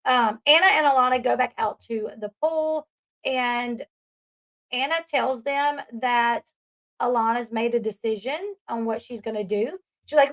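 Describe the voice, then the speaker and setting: A woman's voice: a little high, normal speed, a bit bright. A woman recapping a reality show in a chatty, casual way, often laughing at the scenes she retells. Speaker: commentary host.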